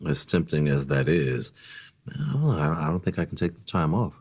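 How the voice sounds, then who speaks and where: An actor playing a weary, hesitant middle-aged husband in a soap opera clip. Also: male voice, very deep voice, sing-song, moderate pace, vocal fry, darkish tone, husky, full character voice. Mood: subdued. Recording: clip with music underneath.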